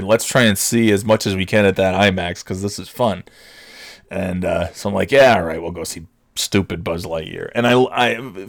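Profane ranting man in his forties. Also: on the low side. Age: 40s. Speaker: podcast host. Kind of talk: casual solo chat.

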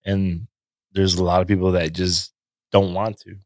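A man hosting a casual podcast, asking measured questions and chiming in with short agreements. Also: deep voice, level tone, darkish tone, no room sound, clean studio sound. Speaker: podcast host. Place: podcast studio.

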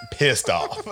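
With background noise behind him, a man with a very high-pitched voice co-hosts a podcast. He's an animated storyteller in this casual chat, laughing frequently and performing quoted lines.

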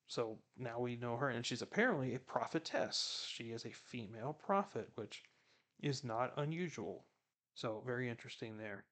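A man giving casual Bible commentary, chatty, retelling scripture in everyday words. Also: medium pitch.

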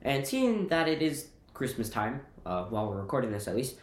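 A man's voice: mid-range voice, sing-song, a little fast. A man with a slight cold co-hosting a casual podcast. He leads the talk and asks the others questions. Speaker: podcast co-host. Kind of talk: casual chat. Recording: echoey room.

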